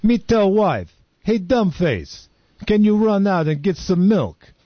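A man's voice: high voice, very animated, slow, dry recording, pitched above the performer's own voice, exaggerated voice. A man playing a dim-witted male caveman comedian who tells jokes in broken caveman grammar. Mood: deadpan jokey. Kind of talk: comedy sketch stand-up bit. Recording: dull lo-fi recording.

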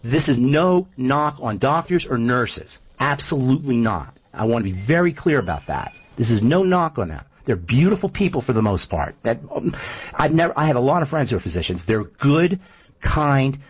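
A man's voice: mid-range voice, sing-song, moderate pace, breathy edge, dull audio. A man speaking as a nutrition expert guest on a radio talk show, emphatic and repeating his points, often telling stories.

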